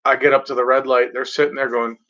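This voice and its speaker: Bright-voiced man ranting casually. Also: mid-range voice, level tone, fast. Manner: rambling, profane, mock-voices other drivers. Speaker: vlogger. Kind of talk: casual rambling vlog rant. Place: at home in front of a blanket backdrop. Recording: dull lo-fi home recording.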